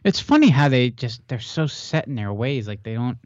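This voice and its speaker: A man co-hosting a podcast, jumping in casually with quick remarks. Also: mid-range voice, big pitch swings, a little mellow, dry recording, lo-fi sound. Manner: quick interjections. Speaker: podcast co-host. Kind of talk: casual chat.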